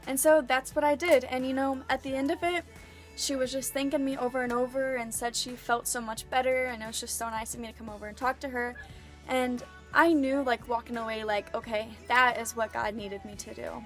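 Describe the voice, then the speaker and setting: A young woman speaks in a fairly high voice with casual, earnest storytelling and many filler words. Faint music plays quietly under her voice. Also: steady tone, brisk. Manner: chatty, frequent "like" fillers, earnest. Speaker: vlogger.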